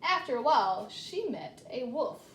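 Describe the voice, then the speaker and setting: A woman reading a children's story aloud with lively, chatty asides. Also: high-pitched, normal speed, echoey room, slight background noise. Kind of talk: animated read-aloud storytelling.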